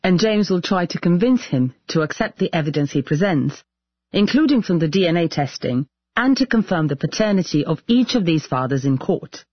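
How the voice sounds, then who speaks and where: A man tells an investigative story in calm, scripted narration. His voice sits a touch high and sounds a little husky. It is closely miked and dry, with faint music underneath. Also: moderate pace, dry recording, highs cut off. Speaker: journalist presenter.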